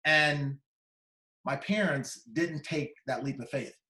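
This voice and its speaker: A man in his fifties tells his story to a conference hall, his voice sitting a little high for a man. He is dramatic and acts out the people he remembers. The sound rings with the echo of a large room. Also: slow pace, bright, forceful tone. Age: 50s. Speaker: keynote speaker. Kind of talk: personal storytelling speech.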